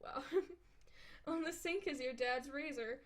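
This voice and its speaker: A high-pitched woman reads a webcomic aloud into her desk mic for a stream. She laughs often and drops in her own comments between lines. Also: measured pace. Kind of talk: casual read-aloud with asides. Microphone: desk microphone.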